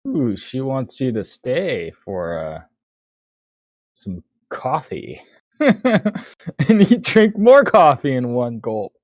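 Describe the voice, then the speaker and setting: A man's voice: medium pitch, big pitch swings, slow pace, long pauses, darkish tone, dry recording, lo-fi sound. A man hosting a livestream, chatting casually and reading out a text adventure story. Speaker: livestream host.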